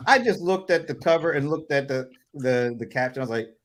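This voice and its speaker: A man's voice: high-pitched, animated, a little fast, few pauses, fairly bright tone. A man hosting a casual livestream chat over a video call, rambling with many fillers and chuckles. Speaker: host.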